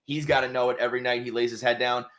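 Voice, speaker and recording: A man co-hosting a sports podcast, animated and swearing freely. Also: mid-range voice, rapid-fire. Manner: animated, swears freely, voices quotes loudly. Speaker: podcast co-host. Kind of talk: casual sports chat.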